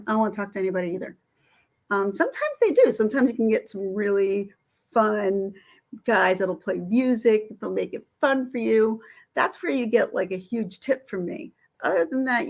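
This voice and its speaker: A woman vlogger telling a story in a casual, indignant and animated way. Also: mid-range voice. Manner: indignant, animated, quick talk.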